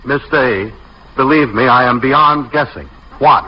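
An actor playing a wisecracking, harried young husband who trades wry, quick jokes in 1940s radio comedy. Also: male voice, mid-range voice, lightly acted. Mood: scheming. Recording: old radio broadcast recording, dull with faint hiss.

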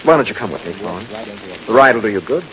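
A man plays a patient doctor husband in an old radio drama, coaxing his wife with a lively, expressive delivery. The sound is dull and old, with a crowd-like murmur behind him. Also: fairly low pitch, fast talker, close to an everyday voice. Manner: soothing, coaxing. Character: calm, reassuring husband and lung doctor. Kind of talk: 1940s radio acting.

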